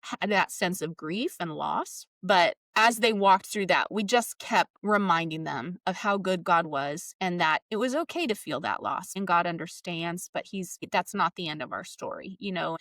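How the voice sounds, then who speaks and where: A woman's voice: fairly low pitch, moderate pace, no echo, recorded from a distance. Middle-aged woman telling her story, earnest, a bit off-mic, dry sound. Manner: earnest, reflective, often trails off softly. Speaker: podcast host appearing as guest. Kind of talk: heartfelt storytelling interview.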